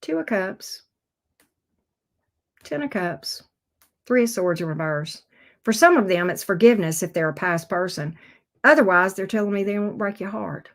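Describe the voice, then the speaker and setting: A woman's voice: medium pitch, lively intonation, moderate pace, pauses often. A middle-aged woman giving a casual tarot reading, teasing and talking straight to the viewer in a sassy way. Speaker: tarot reader.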